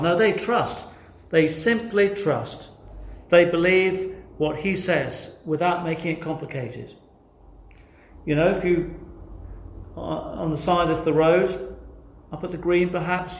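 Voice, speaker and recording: A man's voice: on the high side, fairly even intonation, measured pace, pauses often. A man preaching a sermon, earnest and emphatic, putting rhetorical questions to his listeners. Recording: echoey room.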